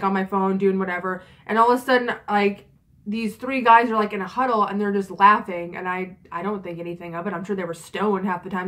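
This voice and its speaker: This vlogger, a woman in her twenties, has a medium-pitched, slightly bright voice. She shares a story casually and candidly, with frequent swearing and lots of filler words.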